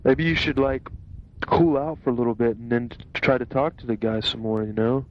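A man in casual conversation, listening calmly and asking questions. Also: mid-range voice, brisk. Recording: muffled lo-fi cassette tape.

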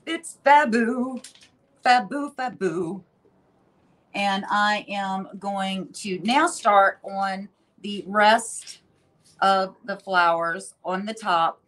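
Woman, live craft stream host, slow easy pace, chatty, talks through her work. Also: mid-range voice, steady tone, fairly bright tone. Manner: chatty, thinks aloud while working. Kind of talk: casual demo narration.

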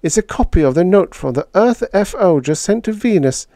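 A man's voice: high voice, wildly swooping pitch, normal speed, darkish tone, dry recording, clean studio sound, voice pushed up, full character voice. A man voicing an anxious older woman scientist who speaks breathlessly, in a storybook reading. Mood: urgent.

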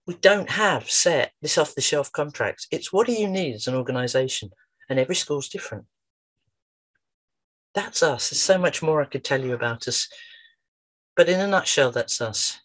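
A man's voice: fairly high pitch, lively intonation, a little fast, fairly bright tone, dry recording. A man giving an informal talk about his work with children and adults, chatty and fond of acting out quotes. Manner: chatty storyteller, acts out quotes. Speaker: wellbeing practitioner. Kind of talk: informal promotional talk with anecdotes.

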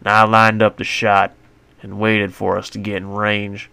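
A man's voice: on the low side, completely flat delivery, a little slow, creaky, pushed and bright, clear, resonant tone, no room sound. A man narrating his own western story in a folksy, colloquial first-person voice on a close mic.

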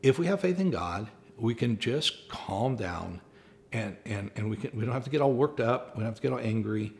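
Middle-aged man, pastor, earnest sermon and prayer, gravelly voice, often repeats words. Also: mid-range voice, lively intonation, moderate pace, darkish tone.

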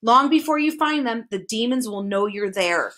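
A woman's voice: a little high, animated, moderate pace, fairly bright tone. Woman voicing a bellowing proud math wizard. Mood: ominous. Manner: bellowing, huffy outbursts. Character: blustering male math wizard, proud and quick-tempered.

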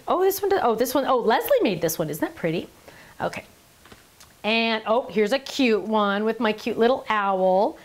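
Chatty gushing woman on a live stream. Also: fairly high pitch. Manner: chatty, gushing, laughs often, asides to the camera operator. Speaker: live stream host showing handmade cards.

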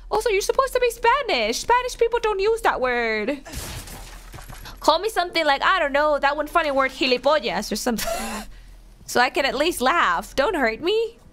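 High, lively woman streamer. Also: a little hiss or hum. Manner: animated, playful, quick to laugh. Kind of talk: casual gaming commentary.

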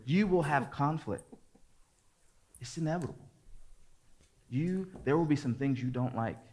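A man in his forties, a pastor preaching, telling a lively personal story and acting out what people said. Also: on the high side, unhurried. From American suburbs. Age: 40s. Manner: lively storyteller, acts out quotes and gets loud at the climax. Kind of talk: sermon with a storytelling anecdote.

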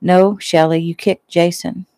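A woman reading aloud and voicing a young man who speaks in a soothing, even way, close to her own voice. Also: lowish voice, a little slow, no room sound. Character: calm reassuring young man, gentle and steady.

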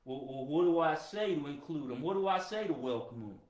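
A bossy puppet hound dog, put on by a man, stubborn and a little flustered, stammering as he talks. His voice sits slightly below the performer's own and swings about a lot in pitch. The room gives it a noticeable echo. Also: animated, brisk, a little mellow, lightly acted. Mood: unsure. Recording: roomy echo.

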